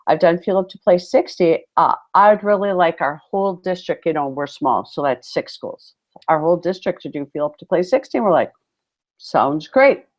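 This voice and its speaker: A woman's voice: on the low side, expressive, normal speed. A woman co-hosting a casual chat, telling a story animatedly and acting out quotes with big exclamations. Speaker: podcast co-host, PE teacher. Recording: muffled lo-fi audio.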